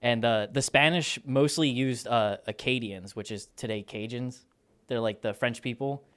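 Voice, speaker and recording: A podcast co-host retells history in a loose, casual chat, laughing often and using lots of fillers. His voice is medium in pitch, moderately paced, fairly bright, and smooth.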